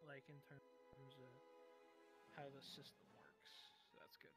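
A man's voice: mid-range voice, flat delivery, a little slow, gravelly, over loud music. Brash, swearing man in a voice chat. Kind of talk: casual group voice chat. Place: online VR voice chat.

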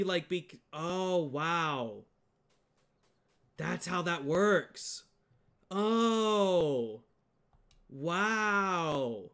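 A man streams a game live and talks over it at an unhurried pace. He swears often and repeats his exclamations again and again. Faint game music plays behind his voice. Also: high voice, a bit bright. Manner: profane, exclaiming, repeats himself.

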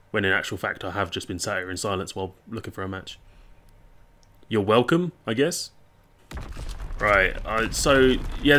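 A man's voice: lowish voice, fairly bright tone, slight background noise. A young man chatting casually and rambling over gameplay, swearing and reacting aloud to the game. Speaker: gaming YouTuber.

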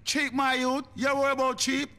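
A rapid-fire Jamaican gangster. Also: male voice, extremely high pitch, creaky, heavily acted. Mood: indignant. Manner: rambling patois, excitable. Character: fast-talking Jamaican gangster man. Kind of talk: video game dialogue.

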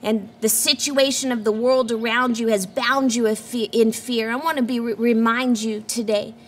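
A woman's voice: a little high, fairly even intonation, normal speed, slight background noise. A woman pastor giving an earnest sermon and reading scripture aloud. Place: church.

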